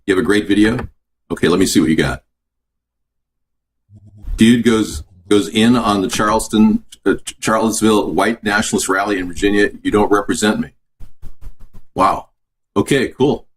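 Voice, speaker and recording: A man with a lowish voice hosts a casual cooking live stream from his home kitchen, chatting and answering viewer comments as he cooks. He speaks at a moderate pace with long pauses, and there's a little hiss or hum on the recording.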